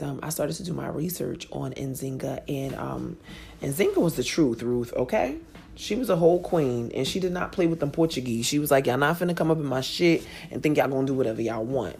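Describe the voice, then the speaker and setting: A woman's voice: a bass voice, vocal fry, a little mellow, a little hiss or hum. A woman in her thirties hosting a podcast, telling a personal story in a frank, profane way and laughing easily. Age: 30s. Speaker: podcast host.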